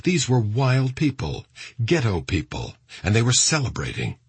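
A man narrating an audiobook in a grave, expressive reading. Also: medium pitch, moderate pace, breathy edge, no room sound.

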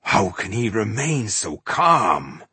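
A man voicing a restless, gruff male dwarf warrior waiting for a fight. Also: on the low side, very animated, slow, bright, forceful tone, no echo, exaggerated voice. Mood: impatient.

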